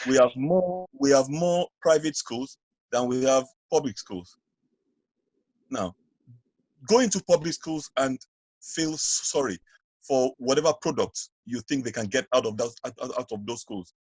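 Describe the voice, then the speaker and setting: A man from Nigeria, a guest educator on a podcast, speaking haltingly and often restarting words. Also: mid-range voice, no room sound, rough recording. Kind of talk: casual discussion.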